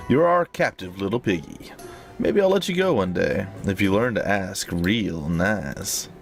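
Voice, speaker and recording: A man's voice: low voice, lively intonation, unhurried, creaky, faint music behind, voice pushed down, heavily acted. A man voicing a young female sword-fighting heroine who talks in a dry, sardonic way.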